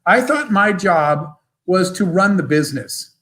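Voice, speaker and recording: High-voiced man telling lively stories. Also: poor audio. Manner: animated, fast storyteller with bursts of laughter. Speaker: guest entrepreneur. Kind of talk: motivational storytelling in an interview.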